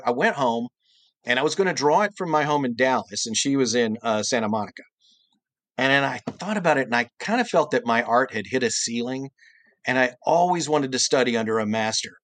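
A middle-aged man tells an anecdote as a podcast guest, with an animated delivery that jumps into high, exaggerated voices for quoted lines. His voice sits in a middle pitch. The sound is dry and close, with no room echo. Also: a little fast. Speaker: guest voice actor and cartoonist. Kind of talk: storytelling anecdote in podcast interview.

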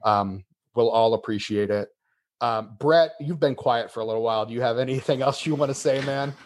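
A man's voice: mid-range voice, fairly quick. A man hosting a casual podcast, chatty and friendly with his guest. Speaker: podcast host.

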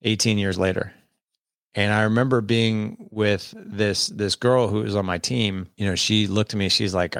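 A man's voice: lowish voice, steady tone, normal speed, a bit bright, dry recording, clean studio sound. A man, candidly telling a personal story as a podcast guest and acting out the dialogue. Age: 40s. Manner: candid, conversational, quotes people in dialogue.

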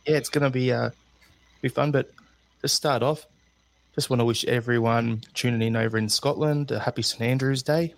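A man's voice: medium pitch, fairly even intonation, moderate pace, creaky, no room sound. A man with an Australian accent hosting a casual podcast chat in a friendly, laid-back way. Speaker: podcast host.

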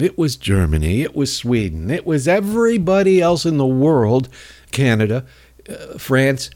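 A man's voice: mid-range voice, a little mellow. A man hosting a political talk show, delivering a rambling, sarcastic monologue and mocking his opponents in put-on voices.

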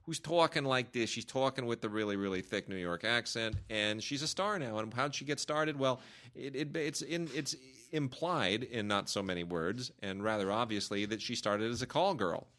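Man, fairly low voice, podcast co-host, enthusiastic, argumentative film talk. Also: pushed and bright. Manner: enthusiastic, argumentative, speeds up and slows down. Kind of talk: casual chat reviewing films.

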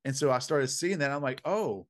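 Animated storytelling man, mid-pitched. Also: normal speed. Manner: animated, emphatic, punchy slang; preacherly, faith-filled phrasing. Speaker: guest, dream interpreter. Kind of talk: conversational storytelling.

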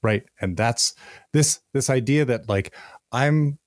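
A man's voice: medium pitch, slow pace, no echo, clean studio sound. A male podcast co-host speaking bluntly and outspokenly, swearing freely in casual conversation.

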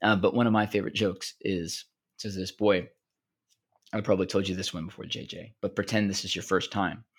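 A man with a fairly low voice co-hosts a casual podcast. He tells jokes in an animated, rambling way, full of fillers and restarts. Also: brisk, slightly rough. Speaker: podcast co-host. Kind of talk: casual chat, storytelling.

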